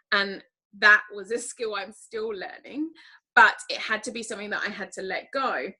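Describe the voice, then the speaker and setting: British woman being interviewed, bright voice, chatty and candid, lots of "you know". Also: mid-range voice, poor audio. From Britain. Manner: chatty, candid and animated, many fillers. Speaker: interview guest, team leader. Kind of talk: casual interview talk.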